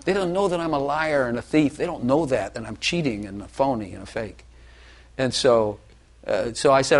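An older man giving a personal testimony in an earnest, self-deprecating, halting way. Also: medium pitch. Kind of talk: confessional testimony talk.

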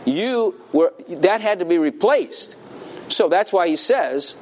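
A male pastor delivers a sermon in a church with a voice a little higher than most men's. His pitch jumps up sharply when he stresses a point, and he laughs often and quizzes the congregation. Faint room noise sits under the recording. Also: unhurried. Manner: animated, laughing, calls for congregation responses.

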